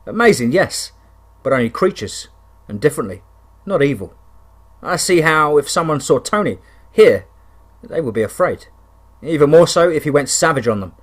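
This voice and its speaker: A man narrates a scripted first-person horror tale from the woods. His voice sits in an ordinary middle male range, and his telling is steady and conversational with a dry sense of humour. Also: mid-range voice, breathy edge.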